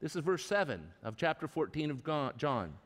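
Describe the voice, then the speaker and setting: A man delivering a sermon in a big church sanctuary, his voice ringing with a long hall echo. His pitch sits a little high and swings widely as he tells the story with animated energy, often stumbling and restarting mid-phrase. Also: normal speed. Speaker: pastor. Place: church sanctuary with a live congregation. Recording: long reverb of a large hall.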